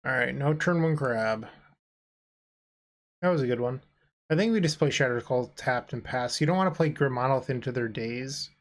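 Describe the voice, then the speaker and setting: A man talks through his card game moves in a relaxed, casual way, sounding tired as the night wears on. He drops dry, sarcastic jokes between plays, and his voice sits at an ordinary middle pitch. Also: moderate pace. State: tired, yawning. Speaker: co-host playing and commentating a card game. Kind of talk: casual gameplay commentary.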